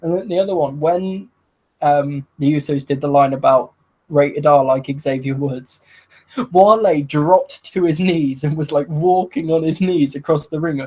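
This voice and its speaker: Man, husky voice, solo wrestling review over a video call, excited, laughing, swearing. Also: on the high side, moderate pace, poor audio.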